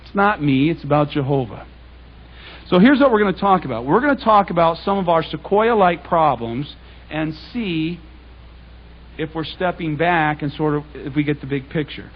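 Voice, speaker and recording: A man giving a public Bible talk, reading scripture and then paraphrasing it in lively everyday speech. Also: fairly high pitch, normal speed, slightly rough, muffled recording. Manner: conversational, animated, reads scripture aloud and paraphrases it in casual speech. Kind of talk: sermon. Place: congregation hall.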